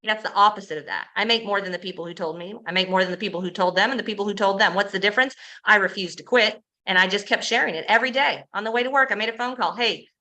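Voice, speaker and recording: A woman giving an energetic sales presentation, telling success stories, asking the audience rhetorical questions and acting out quoted dialogue. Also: mid-range voice, very fast, poor audio. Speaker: presenter pitching a home business.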